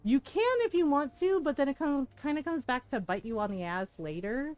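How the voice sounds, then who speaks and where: Game streamer, middle-aged woman, slightly high voice, chatty, laughs a lot. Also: a little fast. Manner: chatty, animated storyteller, laughs often. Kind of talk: casual chat while playing.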